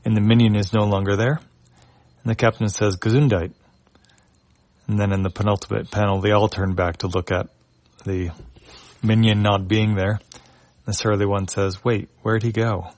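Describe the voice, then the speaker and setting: A man casually reading a comic aloud and describing its panels, halting often with filler words. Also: lowish voice, level tone, darkish tone. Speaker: reader of a webcomic.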